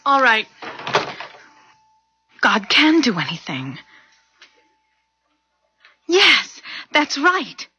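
An actress playing an earnest, devout young nurse in a radio drama, with a breathy voice and a fervent way of speaking. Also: female voice, sits high, bright, forceful tone, no room sound.

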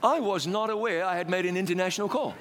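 High-voiced man telling a lively testimony. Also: fast talker, long reverb tail, slight background noise. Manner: animated, self-mocking storyteller. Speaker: preacher. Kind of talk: sermon testimony storytelling.

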